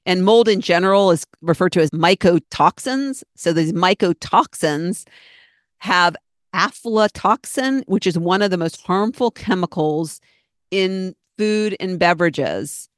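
A woman's voice: lowish voice, measured pace, no room sound, clean studio sound. A middle-aged woman hosting her own podcast, talking in a chatty, rambling, earnest way and acting out her own thoughts. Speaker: podcast host. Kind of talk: casual solo podcast talk.

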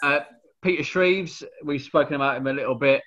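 A man's voice: on the high side, a little fast, a bit bright, muffled recording. A man hosting a casual chat, reminiscing in a conversational way. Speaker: podcast host.

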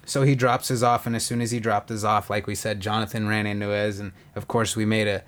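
Profane storytelling man, lively quoting. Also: on the low side, fairly quick. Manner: profane, animated, acts out quotes. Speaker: podcast co-host. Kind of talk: casual storytelling chat.

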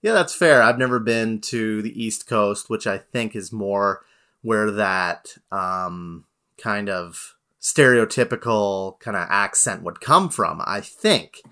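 Slow, bright-voiced Canadian man chatting. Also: on the low side. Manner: relaxed, rambling with fillers. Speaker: podcast co-host. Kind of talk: casual podcast chat.

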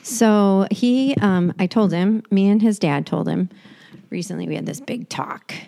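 Co-hosting a laid-back podcast, this woman in her forties rambles through stories with frequent restarts. She speaks a little slowly in a mid-range voice with vocal fry and a dark tone.

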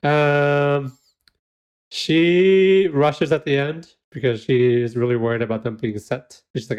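A man's voice: medium pitch, steady tone, slow, a little mellow, clean tone. A man co-hosting a podcast in casual chat, joking and laughing often. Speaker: podcast co-host.

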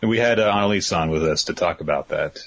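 A man's voice: deep voice, fast, gravelly, a bit bright. A man co-hosting a podcast, talking casually and bluntly, with many fillers. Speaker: podcast co-host.

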